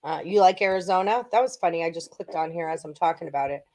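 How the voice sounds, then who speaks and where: A young woman with a slightly low voice hosts a casual sports betting livestream. She chats loosely, rambling through her picks with plenty of ums and little laughs. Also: quick pace, darkish tone. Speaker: sports betting show host.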